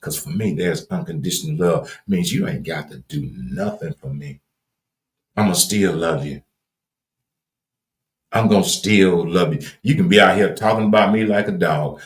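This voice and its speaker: A man's voice: moderate pace, echoey room. A man from Louisiana with a Southern accent hosting a livestream, giving an earnest, preachy motivational talk with folksy, repeated phrases. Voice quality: deep, folksy, repetitive cadence. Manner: emphatic and earnest, builds to raised emphasis. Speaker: livestream host.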